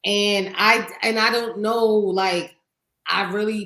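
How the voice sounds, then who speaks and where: A woman co-hosting a podcast, chatting casually in an animated, profane way and laughing often. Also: mid-range voice, normal speed, roomy sound, rough recording. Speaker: podcast co-host. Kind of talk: casual chat.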